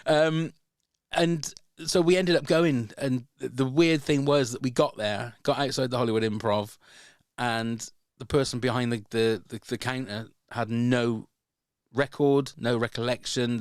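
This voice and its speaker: A man's voice: mid-range voice, steady tone, a little slow, clean tone, no echo, studio quality. Chatty man telling a story. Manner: rambling, with many restarts and repeated words. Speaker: podcast host. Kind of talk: casual chat, storytelling.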